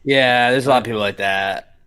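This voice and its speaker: A man's voice: medium pitch, fairly quick, sharp tone, clear, resonant tone. Laid-back man chiming in on a podcast. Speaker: podcast co-host. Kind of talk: casual chat.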